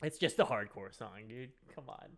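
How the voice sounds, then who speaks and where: A man's voice: medium pitch, animated, moderate pace. Joking, sarcastic young man. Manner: joking, sarcastic, swears freely. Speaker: podcast co-host. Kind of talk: casual chat.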